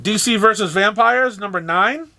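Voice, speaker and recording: A man with a high, sharp voice casually goes over the comic shop's new releases for the week, reading off titles with dry, sarcastic comments and starting over in halting bits.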